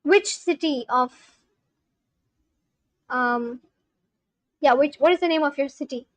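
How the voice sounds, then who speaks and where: A woman's voice: high-pitched, takes it slowly, no room sound, rough recording. A woman live-streaming in casual chat, reading viewer comments aloud and asking them questions. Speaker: live-streamer learning a language.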